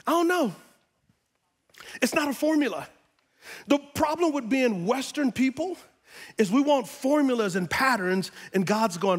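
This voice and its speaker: A man in his fifties preaching in a church with a notably high voice. He drops into soft, slow stretches of teaching, then climbs into loud, rising calls to his listeners. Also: expressive. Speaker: pastor. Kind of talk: sermon. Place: church auditorium.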